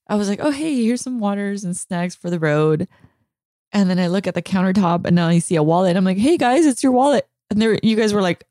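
A woman's voice: medium pitch, darkish tone, no echo, studio quality. A woman in her thirties talking tenderly and near tears in an emotional podcast conversation, dropping in Spanish now and then. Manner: tender, tearful, mixes in Spanish. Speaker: podcast co-host.

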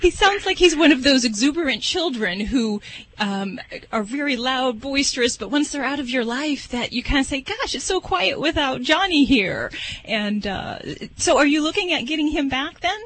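A radio pet expert giving gentle, explanatory advice to a caller. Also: high-pitched, lively intonation, normal speed, low-quality recording.

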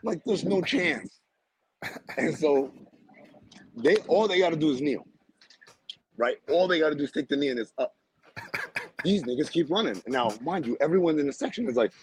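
Husky man telling a wild story. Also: fairly high pitch, moderate pace, long pauses, no echo, poor audio. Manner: animated storyteller, laughing, slangy. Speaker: podcast co-host telling a story. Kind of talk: casual chat.

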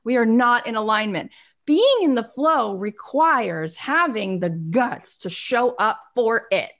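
A woman giving an earnest, emphatic self-help talk, swinging between soft and animated. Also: fairly high pitch, slow. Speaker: inspirational speaker.

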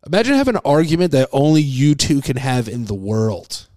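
A man hosting a comedy podcast, rambling playfully with plenty of swearing and now and then dropping to a hushed voice. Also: mid-range voice, very animated, a little fast, no room sound, studio quality. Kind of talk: improvised comic singing and rambling chat.

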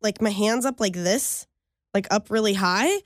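A woman's voice: mid-range voice, measured pace, no echo, studio quality. A woman co-hosting a podcast, chatting casually and laughing often. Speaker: podcast co-host. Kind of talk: casual chat.

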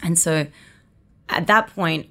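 Low-voiced Australian woman telling stories. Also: slow. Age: 20s. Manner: lively, acts out her own inner thoughts. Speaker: actress guest. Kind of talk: animated anecdote telling.

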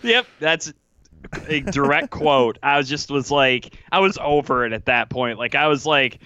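A man co-hosting a sports podcast talks casually and playfully, laughing often. His voice is bright and crisp. The sound is slightly dull and lo-fi. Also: fairly high pitch, normal speed, no room sound. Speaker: podcast co-host.

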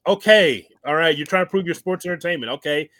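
A man co-hosts a casual wrestling chat, his voice a touch higher than most. He talks in an animated way and acts out quotes with bursts of laughter. The sound is dry and close, with no room echo. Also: very fast. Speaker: podcast co-host.

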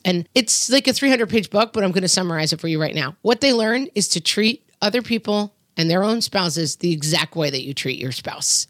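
A middle-aged woman co-hosting a podcast in casual chat, animated and laughing, acting out her own voice in quotes. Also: on the low side, no echo, studio quality. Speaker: podcast co-host.

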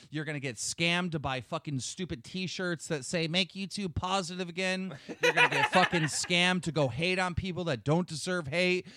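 Host, male, furious profane lecturer, slightly raised pitch, dry booth sound. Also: fairly bright tone, no room sound. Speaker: show host. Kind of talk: heated podcast rant.

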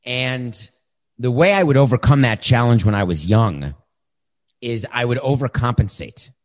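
With a mid-range voice at normal speed, this man in his fifties hosts a podcast where he tells stories and responds to listener questions. His manner is direct and conversational, turning animated during retellings, and the talk is casual storytelling.

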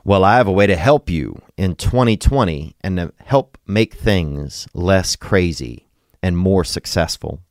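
Laid-back low-voiced man host. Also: animated, unhurried, dry recording, studio quality. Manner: laid-back, rambling, joking. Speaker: podcast host. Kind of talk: casual podcast chat and ad read.

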